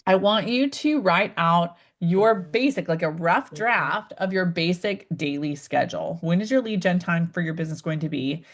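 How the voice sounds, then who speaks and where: A woman coaching new real estate agents in a live online session, addressing viewers directly and acting out client conversations with lively swings in her voice. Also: normal speed, hardly any pauses. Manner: upbeat, acts out client dialogues with big pitch swings; addresses viewers directly, asks them to type in chat.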